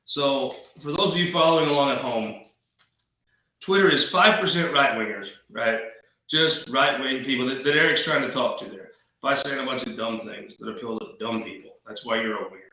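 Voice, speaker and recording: A man's voice: mid-range voice, normal speed, bright, forceful tone, heavy reverb, far from the mic, rough recording. A man hosting a political talk show, rambling in a folksy, wisecracking way. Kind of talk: casual political commentary.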